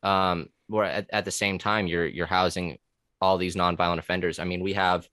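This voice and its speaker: A man's voice: low voice, level tone, normal speed, a bit bright, smooth, dry recording, studio quality. A man talking casually on a podcast about his time as a corrections officer. He rambles with many fillers, restarts and curse words.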